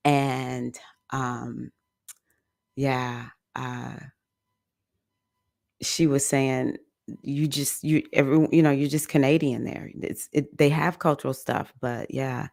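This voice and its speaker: Low, gravelly woman. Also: steady tone, takes it slowly, long pauses, no echo, studio quality. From United States. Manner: warm laughing, effusive, rambling with fillers. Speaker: livestream host and mindfulness teacher. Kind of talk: casual chat reading viewer comments.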